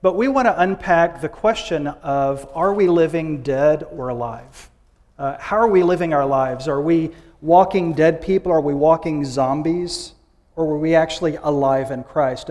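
A man's voice: on the high side, a little mellow, big-room sound. A man preaching a sermon in a conversational, informal way, with frequent fillers and restarts. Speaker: guest preacher.

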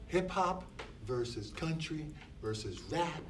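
Brief: older man lecturing a class, slow and pointed, bright tone, picked up from across the room. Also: a little high, very animated. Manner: emphatic, repeats short phrases. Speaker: teacher. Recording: distant mic with faint background noise.

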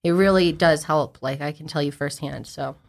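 A woman's voice: deep voice, normal speed, vocal fry. A woman co-hosting a podcast, chatting casually and saying "like" a lot. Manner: casual, heavy use of "like". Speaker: podcast co-host.

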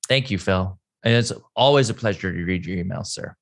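A man's voice: low voice, brisk. Joking man in casual podcast banter. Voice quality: jokey, teasing, laughs often. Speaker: podcast co-host. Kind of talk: casual chat with friends, ad read.

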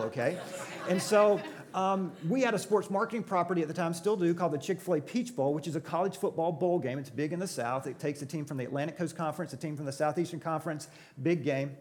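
A man's voice: fairly high pitch, darkish tone. A middle-aged man preaching a sermon in a church auditorium, telling stories with jokes and asking the audience questions. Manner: joking, crowd-engaging storytelling. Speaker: pastor.

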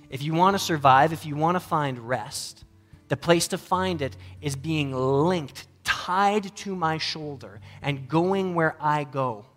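Guy pastor preaching, chill storytelling vibe, lots of "like", voice sits a bit high for a man. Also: a little slow, fairly bright tone. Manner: casual, self-deprecating storytelling with frequent "like". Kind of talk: conversational sermon.

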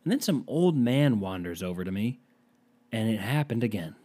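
A man's voice: on the low side, darkish tone. Exasperated profane storytelling man. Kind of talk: storytime rant.

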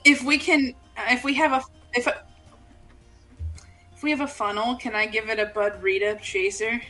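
A woman playing a tabletop game, excitable and giggly. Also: a little high, normal speed, faint music behind. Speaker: player.

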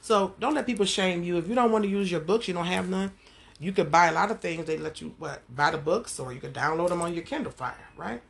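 Brief: woman, husky voice, relaxed home Bible-study podcast, lively and chatty delivery. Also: lowish voice, a little fast. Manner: animated, conversational, talks to listeners directly. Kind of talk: casual devotional teaching.

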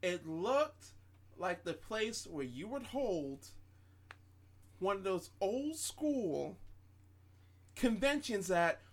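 Casting: mid-pitched voice, lively intonation, swearing, casual storyteller. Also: drawn-out words, long pauses. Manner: profane, emphatic storytelling.

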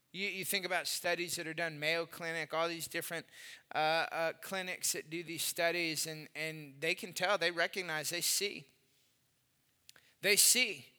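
A male pastor delivers a sermon with a high, piercingly bright voice. He tells stories animatedly, rising to loud bursts and dropping to quiet, earnest passages. The sound carries a long hall reverb. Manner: animated storytelling, swings from loud to hushed.

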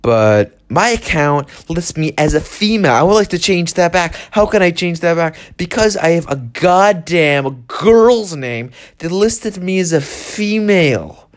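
A man's voice: fairly high pitch, expressive, unhurried, few pauses. A young man hosting his own show, rambling through an irritable, sarcastic solo rant. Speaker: podcast host. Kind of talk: solo ranting monologue.

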